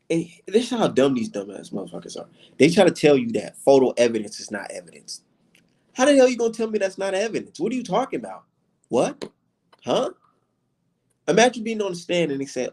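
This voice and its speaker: A man's voice: a little high, very animated, moderate pace, gravelly, pauses often, a little mellow, breathy edge. A man hosting a casual boxing livestream, ranting with heavy profanity.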